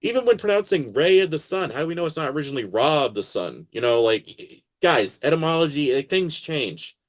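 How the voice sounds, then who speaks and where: A man talking as a podcast guest in a casual interview, animated and acting out quoted voices as he explains. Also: fairly high pitch, a little fast.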